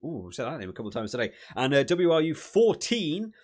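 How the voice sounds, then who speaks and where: A man's voice: a little high, very animated, quick pace, darkish tone. A young man hosting a rugby channel, talking casually through rankings and prediction results with lots of fillers and small laughs. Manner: chatty, laughs between points, lots of fillers.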